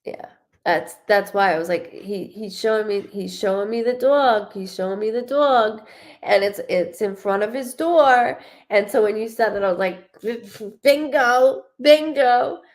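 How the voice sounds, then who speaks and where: A woman giving a live psychic reading, chatty and animated, often restarting her sentences as she relays messages. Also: mid-range voice, moderate pace. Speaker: psychic medium.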